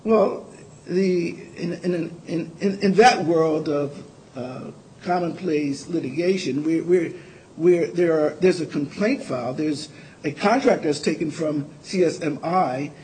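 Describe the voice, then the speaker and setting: A man making his case in a courtroom oral argument, his voice sitting a little high for a man. He talks earnestly but stumbles and restarts often. A faint low hum runs underneath. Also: darkish tone, poor audio. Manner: earnest, halting with frequent restarts. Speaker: appellate lawyer arguing for the appellant.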